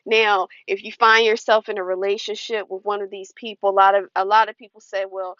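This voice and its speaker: A woman's voice: medium pitch, level tone, fairly quick, few pauses, a bit bright, no room sound. Woman giving earnest warnings, dull recording. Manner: earnest, warning, acts out quoted lines. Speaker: advice vlogger. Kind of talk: casual advice talk to camera.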